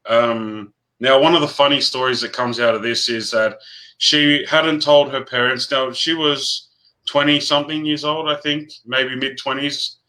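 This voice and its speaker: Man, mid-pitched, bright and forceful; earnest, halting personal storyteller. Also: poor audio. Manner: earnest, halting, with frequent restarts. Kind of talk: personal storytelling in casual chat.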